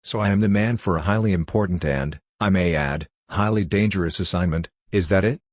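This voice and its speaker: A man's voice: deep voice, fairly quick, dry recording. A man reading the lines of a male agent who speaks in a dry, questioning way. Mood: wry. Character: male agent and writer, wry and skeptical.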